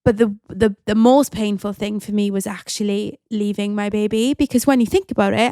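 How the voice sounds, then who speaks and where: A woman's voice: mid-range voice, fairly even intonation, normal speed, hardly any pauses, mellow, no echo, clean studio sound. A woman hosting a podcast, telling a personal story in a chatty, open way, full of casual fillers. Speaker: podcast host.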